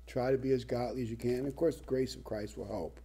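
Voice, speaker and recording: A man delivering a sermon with a husky, slightly breathy voice and a dark, mellow timbre. He reads scripture and drives his points home with emphatic, lively preaching. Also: medium pitch, fairly quick.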